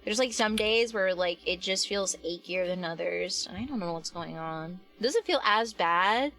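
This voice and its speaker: A woman's voice: fairly low pitch, a little slow, a bit bright, faint music behind. A young adult woman chatting casually on a live stream while she works, rambling with lots of fillers and restarts and answering her chat.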